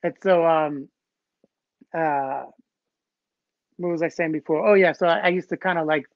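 A man guest recounting old stories in a casual, animated way, acting out what others said. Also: on the high side, normal speed, vocal fry, dry recording. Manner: animated, acts out quotes from others. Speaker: interview guest, b-boy. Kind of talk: casual storytelling. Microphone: phone or call audio. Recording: dull, dry call audio.

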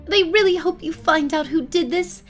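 A woman's voice: very high-pitched, normal speed, faint music behind, pitched above the performer's own voice. A woman voicing a tearful, anxious young woman suspect in a mystery game, sniffling and pleading.

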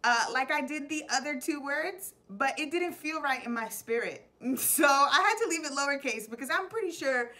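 A woman's voice: high voice, lively intonation, normal speed, pushed and bright. A young adult woman teacher hosting a playful web show, explaining slang in a chatty way and laughing often.

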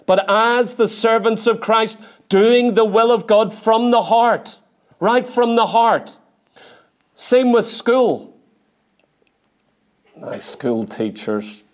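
High-voiced emphatic male preacher. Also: clear, resonant tone. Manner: emphatic, repeats key phrases, slows for scripture readings. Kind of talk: sermon. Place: church.

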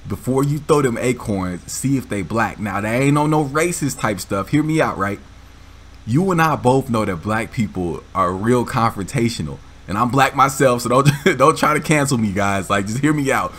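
A man hosting a gaming channel, telling a story in a casual, animated, slangy way with frequent laughs. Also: medium pitch, moderate pace, slight background noise.

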